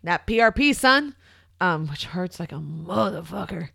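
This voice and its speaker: A woman's voice: on the low side, lively intonation, measured pace, creaky, pushed and bright, husky, dry recording. A woman co-hosting a casual podcast, blunt and slangy, swearing freely and explaining things like a trainer. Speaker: podcast co-host.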